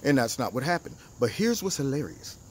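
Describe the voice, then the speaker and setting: A man hosting his own political commentary show, talking in an animated, mocking way and acting out the people he quotes. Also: mid-range voice, a little fast, slight background noise. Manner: animated, mocking, acts out quotes in different voices.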